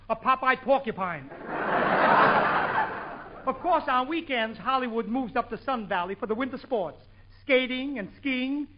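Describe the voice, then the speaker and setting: A comedian hosting a 1940s radio comedy show, rattling off jokes with bursts of excitement. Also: male voice, very high voice. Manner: rapid joke delivery with bursts of excitement. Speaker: comedian host. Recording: dull old radio broadcast recording.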